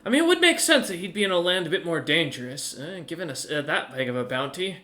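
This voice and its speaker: A scheming old granny shopkeeper, as a man puts her on, chatting in a folksy, gossipy drawl. The voice sits high and sounds bright and sharp. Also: lively intonation, quick pace.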